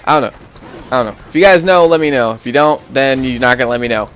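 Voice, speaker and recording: Young male gaming YouTuber, scattered chatty commentary over gameplay, average pitch, faint background noise. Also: fast, a bit bright. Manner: rambling, easily sidetracked, chuckling often.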